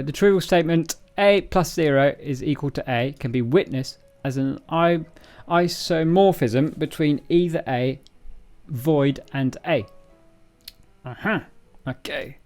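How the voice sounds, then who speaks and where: A man's voice: fairly high pitch, darkish tone. Male streamer, casual live-coding chat, self-mocking, trips over words, faint music and typing behind. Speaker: livestreamer reading a programming book.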